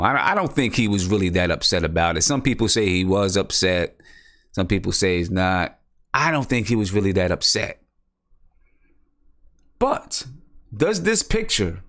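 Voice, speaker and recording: A man's voice: lowish voice, a bit bright. A man hosting a casual live-stream basketball show, thinking aloud and repeating himself as he talks. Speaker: basketball podcast host.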